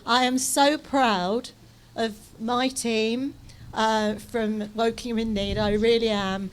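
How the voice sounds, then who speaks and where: A woman's voice: on the high side, steady tone, slow pace, a little hiss or hum. A woman speaks into a microphone at an outdoor commemoration. Her thanks are heartfelt and emotional, broken up by ums and restarts. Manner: warm, emotional thanks with fillers. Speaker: event organiser. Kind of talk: speech at a community event.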